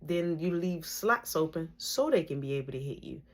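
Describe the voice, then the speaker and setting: A patient male martial arts instructor gives calm, soft-spoken advice to a beginner, played by a woman telling a story. The voice sits a little low and stays quiet and even. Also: normal speed. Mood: calm coaching.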